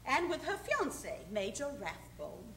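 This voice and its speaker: A woman's voice: sits high, wildly swooping pitch, unhurried, a bit bright, echoey room, slight background noise, full character voice. An actress playing a fond, spirited president's wife who coaxes her husband in a stage musical. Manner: coaxing, fond, breathy laughter. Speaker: actress playing Mrs. Lincoln. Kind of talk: stage musical acting with song.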